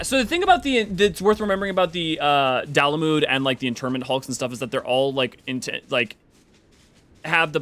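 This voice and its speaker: Animated, rambling man streaming a game. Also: fairly high pitch. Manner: animated, rambling, casually profane. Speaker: game streamer and lore host. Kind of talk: casual live game stream chat.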